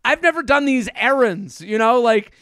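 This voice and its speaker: A man's voice: extremely high pitch, expressive, moderate pace, fairly bright tone, no echo, studio quality. A man who is a comedian guest, telling casual stories in a rambling, self-interrupting way and laughing often. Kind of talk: casual storytelling.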